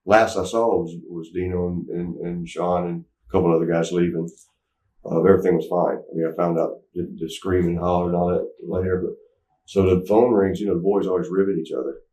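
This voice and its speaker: Middle-aged man, interview guest, loose stop-start storyteller; deep, dark tone, recorded at a distance in an echoey room. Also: fairly even intonation, fairly quick. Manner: rambling, stop-start storytelling, acts out quotes loudly.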